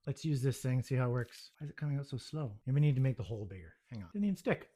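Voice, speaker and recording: A man at an average pitch chats casually to the camera in his home kitchen as he bakes. He keeps up a steady stream of self-deprecating, exasperated muttering, half to himself and half to his viewers. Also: very fast. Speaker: home baking vlogger.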